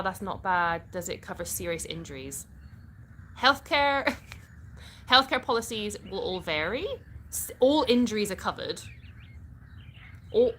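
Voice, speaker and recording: A woman's voice: mid-range voice, a bit bright, a little hiss or hum. Chatty British woman on a live stream. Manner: chatty, laughs often, answers viewers directly. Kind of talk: casual live chat reading comments.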